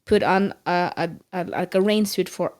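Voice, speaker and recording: Lady chatting on a podcast, lively, stumbles and restarts a lot, middle-aged. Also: on the low side, normal speed. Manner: animated storytelling, frequent restarts and laughs. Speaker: podcast co-host. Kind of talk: casual chat.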